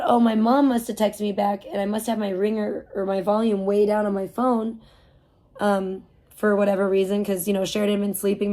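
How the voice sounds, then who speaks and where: A woman in her forties telling a long personal story on a live stream, rambling and animated, with lots of "like" and restarts. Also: mid-range voice. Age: 40s. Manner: rambling, animated retelling with frequent "like". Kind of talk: casual storytelling.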